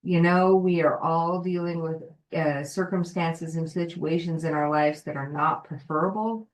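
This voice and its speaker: A woman's voice: deep voice, fairly even intonation, normal speed, poor audio. A woman life coach on a live video call, cheering on participants by name and reading a passage aloud. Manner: encouraging, addresses listeners by name.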